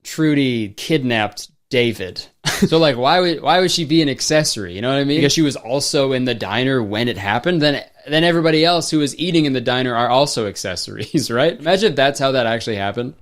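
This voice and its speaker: A man's voice: medium pitch, lively intonation, quick pace. A young man, a comedian, giving sarcastic, exasperated comedic movie commentary with plenty of swearing. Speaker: comedian, host.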